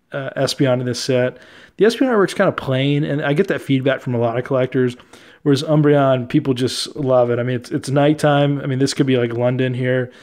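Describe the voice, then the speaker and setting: A young man casually talking through his trading card collection, relaxed and chatty, often laughing and using fillers. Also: mid-range voice. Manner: relaxed, chatty, easily amused, many fillers.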